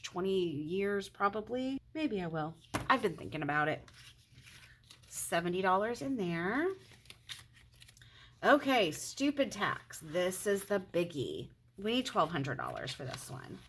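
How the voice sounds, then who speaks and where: Chatty thirties woman, lowish voice, counting cash aloud for viewers, excitable. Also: slight background noise. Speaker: budgeting vlogger. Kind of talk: casual chat while counting cash.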